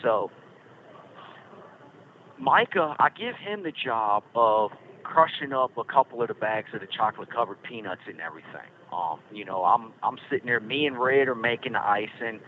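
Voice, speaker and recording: A man's voice: mid-range voice, normal speed. Brief: middle-aged man, folksy rambling storyteller, tinny phone line with faint hiss. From Virginia Blue Ridge foothills. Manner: rambling, folksy, lots of fillers. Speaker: podcast host calling from prison. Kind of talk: casual storytelling. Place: prison.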